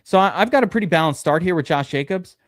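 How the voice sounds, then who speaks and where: A man's voice: on the high side, lively intonation, quick pace, no room sound, clean studio sound. A man hosting a live fantasy football draft stream, chatting casually and rambling with restarts.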